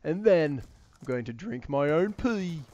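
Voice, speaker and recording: A man doing an impression of a deep-voiced British TV survivalist with a put-on British accent, speaking in a slow, emphatic drawl. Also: animated, a little mellow. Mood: boastful. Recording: slightly muffled lo-fi mic.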